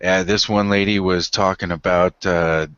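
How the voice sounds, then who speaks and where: Low-voiced man telling stories, dry lo-fi audio. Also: fairly even intonation, normal speed, a bit bright, smooth, no echo. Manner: storytelling, laughing, many fillers. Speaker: hotel worker. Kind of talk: casual chat on a livestream. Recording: dry, dull lo-fi call audio.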